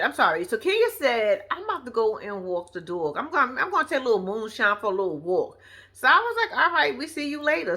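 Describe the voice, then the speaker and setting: A woman's voice: mid-range voice, pushed and bright. A woman recapping a reality show episode in casual, profane chat, talking straight to her viewers.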